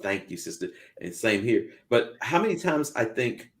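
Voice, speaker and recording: A man co-hosting a casual talk show, telling lively stories and acting out the voices in them. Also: medium pitch, normal speed. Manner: lively storyteller who acts out voices in his anecdotes. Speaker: podcast co-host. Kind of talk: casual chat, animated storytelling.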